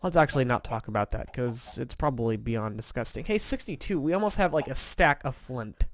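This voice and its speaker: This Indiana gaming commentator has a mid-range voice with lively intonation, speaks a little fast, and there's slight background noise. Worn out from too little sleep, he yawns, rambles and jokes at his own expense during a laid-back let's-play chat.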